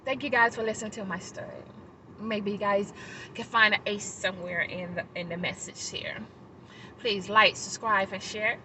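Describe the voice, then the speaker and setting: A woman vlogger telling a personal story to her viewers, animated and laughing, then reflective. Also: normal speed, slight background noise, low-quality recording. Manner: animated, laughing, high-pitched exclamations; reflective, talking to the audience. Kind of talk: casual storytelling to camera.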